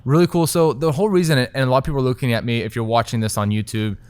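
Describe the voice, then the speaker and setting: A young man, telling his story as a restaurant owner in a lively, casual interview, filling his talk with "like". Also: medium pitch, clear, resonant tone, no echo. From Texas. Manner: animated, quick storytelling full of "like". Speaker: restaurant owner and chef, guest.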